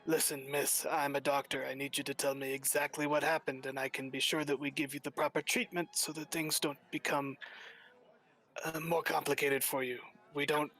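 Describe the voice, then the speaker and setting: A man playing a calm, earnest doctor. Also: medium pitch, poor audio. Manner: measured, earnest.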